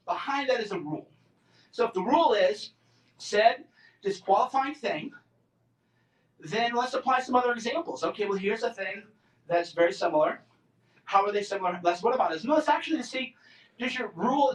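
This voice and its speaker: A man's voice: very high voice, a bit bright. A man in his forties giving a combative, sarcastic talk to a campus student group, mocking others in put-on voices. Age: 40s. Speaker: invited speaker. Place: lecture room on a college campus. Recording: roomy and distant from the mic.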